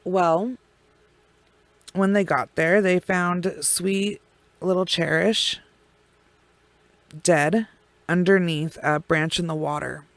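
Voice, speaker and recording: A woman recounts a true crime case in a slow, unhurried way, letting long pauses hang between her words. Her talk is blunt and profane. The sound is close and dry, with no room behind her. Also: on the low side, fairly even intonation, no echo. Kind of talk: casual true crime storytelling.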